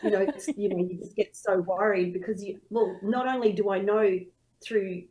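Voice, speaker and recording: A woman's voice: medium pitch, steady tone, moderate pace, warm tone, poor audio. A woman who is a singer and singing teacher, telling her story in a casual interview and acting out her own past thoughts.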